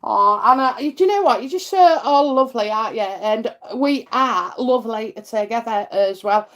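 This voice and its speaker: A middle-aged woman with a Yorkshire accent, hosting a live psychic stream and chatting warmly with viewers between comments, full of fillers and endearments. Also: fairly high pitch, lively intonation, normal speed. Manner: chatty, many fillers, laughs, calls people darling and lovely. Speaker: psychic reading host.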